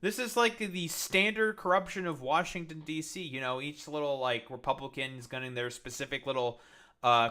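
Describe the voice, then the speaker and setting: A man with a bright, forward voice rants in live-stream political commentary. He swears freely and keeps stumbling into restarts as he pushes his point. His pitch sits in an ordinary middle range. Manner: heated ranting with profanity and many restarts.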